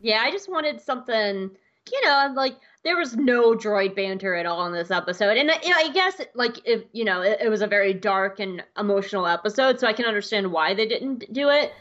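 A woman co-hosting a podcast, chatting casually, laughing often and acting out quotes in squeaky voices. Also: animated, fairly quick, fairly bright tone, muffled recording. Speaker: podcast co-host. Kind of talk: casual chat, recapping an episode.

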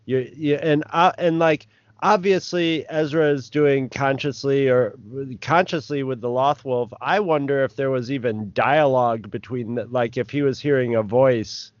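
A man co-hosting a podcast, speaking haltingly as he searches for his words. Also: medium pitch, no echo, lo-fi sound. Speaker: podcast co-host. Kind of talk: casual discussion.

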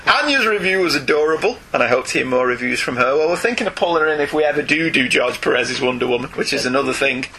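A man's voice: medium pitch, animated, fast, few pauses, sharp tone, breathy edge. A man co-hosting a casual podcast, reading listener letters aloud and adding his own chatty asides. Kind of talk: casual chat.

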